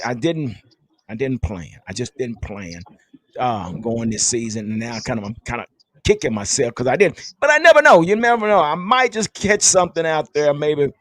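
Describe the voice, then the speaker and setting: A man's voice: mid-range voice, animated, moderate pace, no echo. Hyped, chatty male podcast host. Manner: hyped, chatty, laughs often. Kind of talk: casual fan podcast chat.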